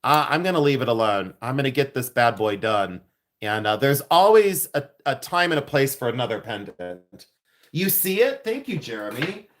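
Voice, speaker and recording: This silversmith's voice sits at medium pitch with big swings, a moderate pace, and a fairly bright tone. He hosts a casual livestream from his jewelry studio, gushing to viewers, laughing frequently, and thanking them.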